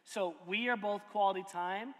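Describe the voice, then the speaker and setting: Animated pastor co-host, man, lively storyteller, long reverb. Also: high-pitched, normal speed. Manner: animated storyteller, loud mimicking bursts. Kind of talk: casual chat.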